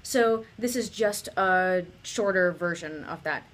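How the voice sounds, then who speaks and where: A woman's voice: fairly low pitch, moderate pace, few pauses, fairly bright tone. A woman teaching a choir, patiently demonstrating consonant sounds and leading call-and-response rhythm drills. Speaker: composer teaching her choral piece. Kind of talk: pronunciation and rhythm lesson.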